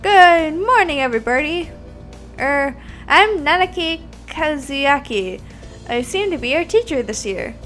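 A woman voicing a sleepy, absent-minded male quail teacher who talks slowly. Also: sits high, lively intonation, a bit bright, soft background music, pitched above the performer's own voice. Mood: drowsy. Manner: slow, drowsy.

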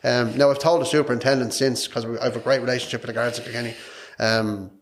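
Fast-talking Irish man telling his story. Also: medium pitch, steady tone. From Ireland. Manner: rambling, repeats words, frank and emotional. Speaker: podcast guest. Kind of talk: personal story in an interview.

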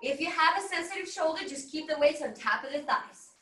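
Brisk and bright with a forceful tone, a woman's high-pitched voice carries lively intonation as she coaches an online fitness class and works out herself. Her encouragement is upbeat, filled with whooping cheers, and she's slightly out of breath. A distant laptop mic on a video call gives a roomy sound.

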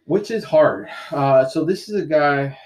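A man's voice: on the high side, unhurried. A man co-hosting a podcast, casually retelling a comic plot and quoting the characters as he goes, with lots of fillers. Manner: animated storyteller, quoting characters, many fillers. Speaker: podcast co-host. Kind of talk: casual chat recapping a comic.

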